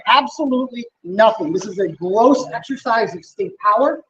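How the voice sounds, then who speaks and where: A man's voice: high voice, expressive, normal speed, fairly bright tone, highs cut off, slight background noise. A man, an independent reporter, giving a defiant, emphatic statement to the press outside a courthouse. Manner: defiant, emphatic, talking over a crowd of reporters.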